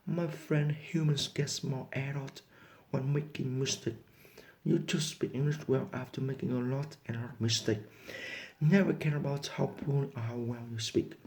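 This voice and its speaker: A man's voice: mid-range voice, fairly even intonation, normal speed, a little mellow. A man whose first language is Vietnamese, earnestly coaching English learners and reading practice dialogues. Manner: earnest, non-native phrasing, reads both sides of practice dialogues. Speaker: English teacher. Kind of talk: motivational lesson and dialogue reading.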